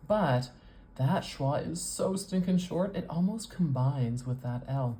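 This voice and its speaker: A woman with a North American accent, teaching as a speech coach with patient explanations and drawn-out sound demonstrations. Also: lowish voice, lively intonation, warm tone. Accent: North American English. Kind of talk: teaching with a whiteboard demo.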